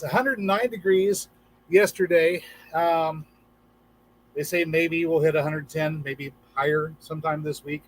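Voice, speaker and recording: Over a rough recording with a bit of hiss or hum, a man with a slightly high voice runs a relaxed livestream for gardeners. He chats, reads out viewer comments, and tells jokes, acting out a few voices.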